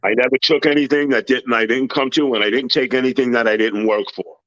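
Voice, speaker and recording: A man's voice: mid-range voice, steady tone, fast talker, fairly bright tone, no echo, lo-fi sound. A man telling personal stories in a casual interview, blunt and tough-talking, acting out what people said.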